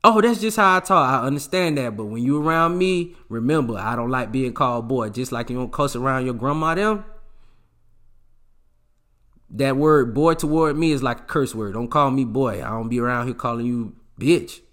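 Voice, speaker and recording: A man speaking in a casual, blunt monologue, heavy on slang and emphasis. His voice sits at an ordinary middle pitch for a man as he lectures the listener. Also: normal speed, a bit bright. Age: adult with a child. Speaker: relationship advice speaker.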